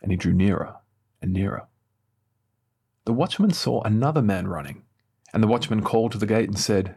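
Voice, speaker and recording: A man leading morning prayer, reading scripture aloud in a measured, solemn way and lifting his voice slightly for quoted speech. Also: on the low side, lively intonation, gravelly, dark tone, breathy edge.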